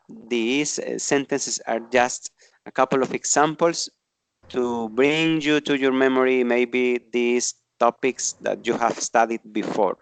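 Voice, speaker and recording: A man's voice: mid-range voice, smooth, dry recording. A man teaching an online English grammar class, explaining patiently and often checking in with tag questions.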